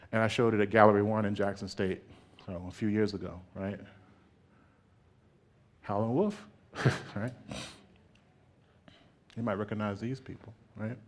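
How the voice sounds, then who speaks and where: Guy giving an artist talk, animated, laughs a lot, keeps saying right?. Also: on the low side, a little slow, pauses often.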